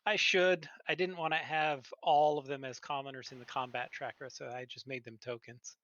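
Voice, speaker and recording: A man narrating a tabletop game as game master in a relaxed, chuckling way over a voice call. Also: medium pitch, moderate pace, dull audio.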